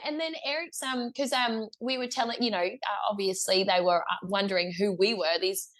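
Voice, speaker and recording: A woman's voice: medium pitch, fairly even intonation, normal speed, a bit bright. A young woman with an Australian accent, a guest musician telling a story in a casual interview, chatty, laughing often, with lots of fillers and restarts.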